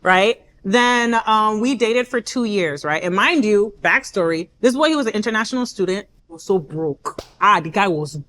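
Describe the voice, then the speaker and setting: Animated woman from Texas, lively pitch. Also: normal speed, few pauses. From Houston, Texas, US. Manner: animated, dramatic, laughing, acts out quotes. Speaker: guest telling a personal story. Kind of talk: casual storytelling in conversation.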